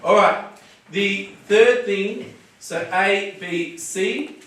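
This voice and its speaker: Energetic Australian man teaching, echoey. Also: high voice, drawn-out words. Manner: energetic, punchy, emphatic. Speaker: evangelist teaching street preaching. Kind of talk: lively teaching talk. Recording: echoey room from far off.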